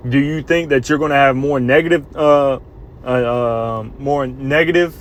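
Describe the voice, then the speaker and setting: A man casually teaching scripture, earnest and halting, reading verses slowly and with emphasis. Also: medium pitch, slight background noise. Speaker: bible teacher.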